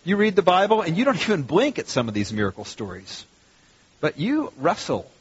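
A man's voice: a little high, very animated, brisk, slightly rough. A man preaching a sermon to his congregation in a conversational, emphatic way, often restarting his sentences. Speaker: pastor. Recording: muffled sound in a reverberant hall.

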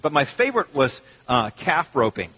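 A middle-aged man preaching a sermon in a conversational, animated way, breaking into loud mock rants. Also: medium pitch, normal speed. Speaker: pastor. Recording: dull, lo-fi sermon recording.

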